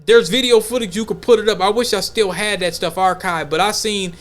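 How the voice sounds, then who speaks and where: Man, high voice, slangy, animated, casual podcast chat. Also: fairly quick. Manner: loose, slangy, animated storytelling. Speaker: podcast host.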